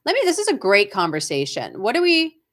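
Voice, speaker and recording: A middle-aged woman with a Boston accent talks shop in a loose, chatty way, often checking in with a quick "right?" as she goes. Her voice sits at an ordinary middle pitch for a woman, and she hosts an unscripted live coaching session. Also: huge pitch swings, fairly bright tone. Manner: chatty, frequent "right?" tag questions, reads viewer comments aloud. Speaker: acting career coach. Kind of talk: live-stream coaching chat.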